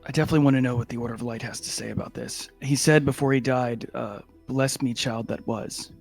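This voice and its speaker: A man playing a tabletop game, asking the game master relaxed, curious questions. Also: medium pitch, quick pace, gravelly, faint music behind. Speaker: player. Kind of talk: tabletop play, casual chat.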